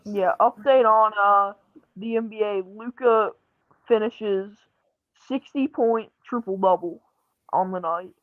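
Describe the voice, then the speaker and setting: A woman's voice: mid-range voice, slow pace, dry recording. A woman guest on a casual sports chat, hesitant and full of fillers as she passes along score updates. She comes through a dry, tinny, phone-like line.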